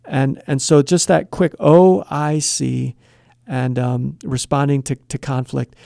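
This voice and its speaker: A man's voice: mid-range voice, unhurried, creaky, dark tone, dry recording, studio quality. A middle-aged man giving Christian advice, explaining step by step in an earnest conversational way and acting out short bits of dialogue. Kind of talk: conversational teaching.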